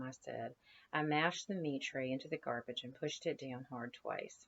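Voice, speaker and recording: A woman teacher reads a novel aloud to her class conversationally, pausing between passages to ask her students questions. Her rumbling low voice has vocal fry and a fairly bright tone at a moderate pace, though the recording is muffled with a little hiss or hum.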